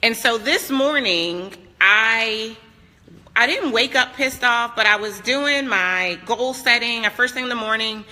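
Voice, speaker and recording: A woman's voice: a little high, a little slow, bright, forceful tone, long reverb tail. A woman business coach talking casually and emphatically into a phone held at arm's length, greeting viewers by name. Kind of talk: casual live-stream talk. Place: vacation house, moving indoors and out.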